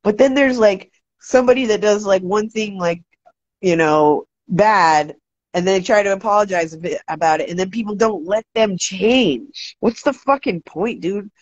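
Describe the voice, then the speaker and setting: A woman hosting a casual livestream, talking fast and loose, swearing freely and ranting, shouting out viewers. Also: mid-range voice, dry recording. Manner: profane, animated, ranting. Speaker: livestream host. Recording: dry, dull lo-fi sound.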